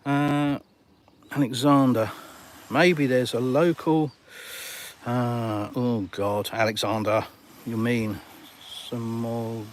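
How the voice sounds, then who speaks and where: A middle-aged man with an English accent, hosting a casual live Q&A outdoors. He talks bluntly and teases viewers with jokey banter in a middle-pitched voice. Faint ambient noise sits behind him. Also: steady tone, slow pace, long pauses. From England. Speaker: livestream host. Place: outdoors on a sunny balcony.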